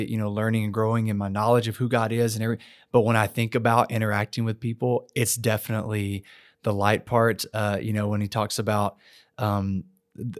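A man, a pastor co-hosting a church podcast, speaking in an earnest, reflective way with halting restarts. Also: on the low side, no room sound, clean studio sound. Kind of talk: casual conversation.

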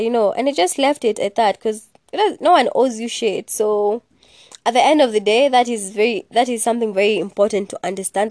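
A woman's voice: fairly high pitch, a little mellow, no room sound, clean studio sound. A young woman chatting casually and sassily on her podcast, swearing freely and dropping in Swahili words. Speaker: podcast host. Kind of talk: casual solo podcast chat.

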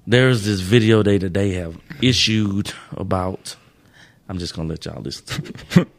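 A man's voice: low voice, moderate pace, slight background noise. A man hosting a podcast in casual chat, laughing and trying to stay serious. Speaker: podcast host.

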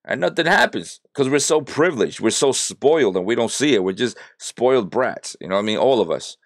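A man's voice: mid-range voice, lively intonation, brisk, no room sound, studio quality. A man giving a blunt, exasperated reaction rant about politics, swearing freely as he talks. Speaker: political commentator reacting to a clip.

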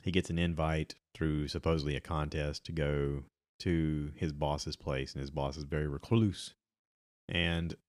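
A man's voice: rumbling low, dry recording, clean studio sound. A middle-aged man chatting casually on his own about movies and podcasts, rambling with many ums and restarts.

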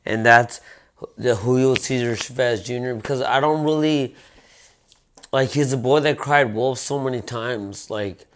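A man co-hosting a casual sports talk show, talking in a relaxed, rambling way with frequent restarts. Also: medium pitch, unhurried, a little hiss or hum. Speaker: podcast co-host.

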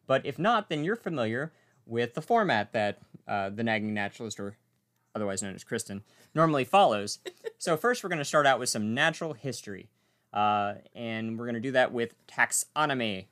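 A man hosts a casual wildlife podcast in a playful, joking way. His pitch rises and falls a lot as he talks, and he sits at an ordinary middle pitch for a man. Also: brisk. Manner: playful, joking, animated delivery. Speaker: podcast host.

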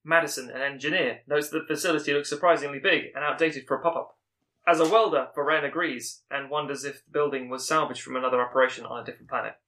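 Fast-talking man summarizing a plot. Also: mid-range voice, steady tone, sharp tone. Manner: brisk summarizing with small stumbles and restarts. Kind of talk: plot recap narration.

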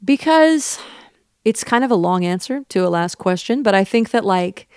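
A woman's voice: mid-range voice, animated, moderate pace, a little mellow, clean tone, dry recording, studio quality. A woman in her thirties with a Southern accent, speaking as an interview guest in an earnest, reflective way. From Pacific Northwest. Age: 30s. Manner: earnest and reflective, with frequent fillers. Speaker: interview guest, country singer. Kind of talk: thoughtful interview talk.

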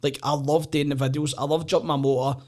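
A man's voice: on the high side, fast talker. A man with a Scottish accent, a comedian guest speaking openly and self-deprecatingly in a podcast conversation. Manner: open, self-deprecating, animated. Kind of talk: candid conversation.

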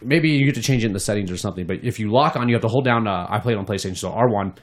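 Speaking very fast in a fairly low voice, this gaming podcast co-host keeps things casual while launching into animated rants about games, swearing a lot.

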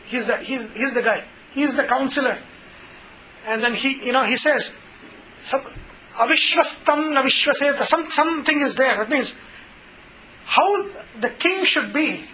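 A man leads an informal scripture class, rambling warmly through a fable with lots of fillers. His voice sits very high for a man and sounds bright. A faint hiss runs under it. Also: poor audio. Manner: chatty, many fillers, retells stories. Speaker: teacher.

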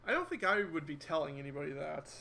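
High-voiced man chatting on a podcast. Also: sing-song, creaky, a crowd in the background. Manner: chatty, quick asides, quotes himself. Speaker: podcast co-host. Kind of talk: casual sports podcast chat.

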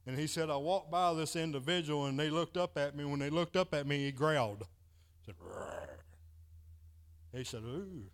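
Male preacher, slightly higher voice, folksy storytelling sermon, keeps saying "he said". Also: fairly quick, clean tone. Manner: folksy, repeats "he said" while retelling a story.

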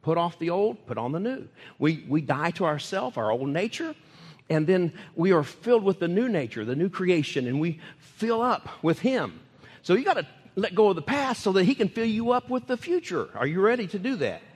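A man's voice: sits high, normal speed, slightly rough. Older male pastor preaching in a reverberant church. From United States. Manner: animated preaching, repeating key phrases for emphasis. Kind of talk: sermon. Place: church sanctuary.

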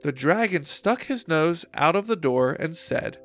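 A man reading a children's storybook aloud, slow and expressive, over soft guitar music. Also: fairly high pitch. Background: faint guitar music.

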